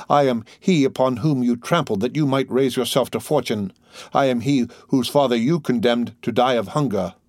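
A man voicing a solemn, vengeful nobleman with a deep voice, speaking slowly and gravely in an audiobook. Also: a little mellow, dry recording, clean studio sound, natural voice. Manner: solemn, slow. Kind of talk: audiobook character voice.

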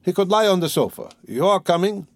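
A man's voice: sits high, a little fast, no room sound, voice pushed up. A man doing an eager, hearty young student. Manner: raised, lively, insistent delivery.

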